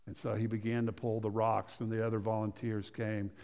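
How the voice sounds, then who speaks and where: A man's voice: on the low side, level tone, fairly quick. Man preaching in an echoing church hall. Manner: swings between loud emphasis and hushed, quiet storytelling; repeats phrases and restarts mid-sentence. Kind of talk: sermon. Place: church sanctuary. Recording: long reverb of a church hall.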